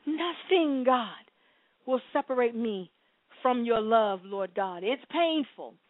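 A woman preaching a sermon and praying aloud, swinging between soft pleading and loud exclamations. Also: fairly high pitch, animated, slow pace, dry recording. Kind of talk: sermon and prayer. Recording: dry, phone-like sound.

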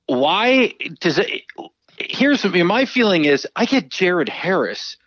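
A man co-hosting a podcast in casual chat, eager and animated. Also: high voice, slow pace, no room sound, highs cut off.

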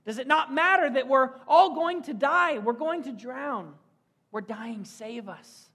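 A man's voice: very high-pitched, a little slow, sharp tone, breathy edge, pitched above the performer's own voice, heavily acted. A man crying out as panicked disciples. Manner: frantic pleading outcry. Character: panicked male disciples in a sinking boat.

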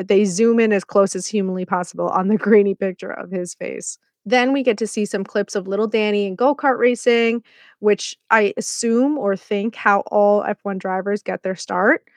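A woman's voice: medium pitch, dry recording, clean studio sound. A woman hosting a podcast, recapping a series episode in a chatty, playful way with sarcastic asides. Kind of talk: casual scripted commentary.

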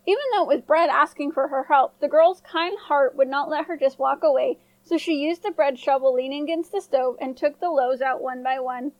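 A woman storyteller hosting a podcast, reading a fairy tale gently and clearly. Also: sits high, fairly even intonation, normal speed, hardly any pauses, no echo, dull audio. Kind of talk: scripted storybook narration.

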